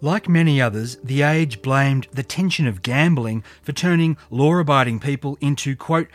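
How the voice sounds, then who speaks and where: A man's voice: medium pitch, moderate pace, hardly any pauses, no echo. A man narrating a true crime story from history in a dramatic, scripted storytelling style. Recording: faint music underneath.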